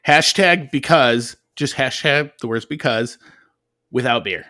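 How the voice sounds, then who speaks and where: A man's voice: medium pitch, a little slow, bright, forceful tone. A man co-hosting a casual podcast chat, joking around with playful asides. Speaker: podcast co-host.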